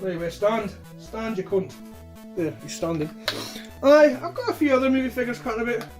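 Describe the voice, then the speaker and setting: A man's voice: very high-pitched, a little fast, faint music behind. A man chatting casually about his toy collection, rambling and blunt with plenty of swearing. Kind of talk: casual chat.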